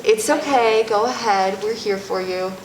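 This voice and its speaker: A woman's voice: mid-range voice, a little slow, slight background noise, natural voice. A young woman playing a support group leader who gushes sympathy in an over-soothing way, in a student sketch comedy. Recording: echoey room.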